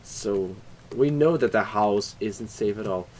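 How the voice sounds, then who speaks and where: A young man hosting a horror game playthrough, talking loud, swearing and bursting into screams. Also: fairly low pitch, a little slow. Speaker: gaming channel host.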